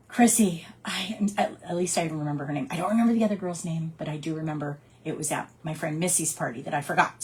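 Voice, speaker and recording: A woman who works as a direct sales consultant, giving her team casual coaching and acting out customer conversations in lively quick put-on voices. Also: on the low side, slightly rough. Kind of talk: casual training talk with storytelling.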